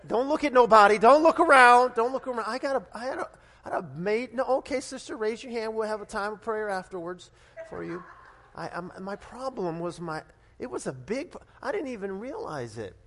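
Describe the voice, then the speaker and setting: A middle-aged pastor from Nevada delivers a lively sermon in a notably high voice. He restarts his sentences and swings into sudden loud bursts as he tells a story. The sound carries a long reverb, as in a church sanctuary. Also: moderate pace. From Nevada, United States.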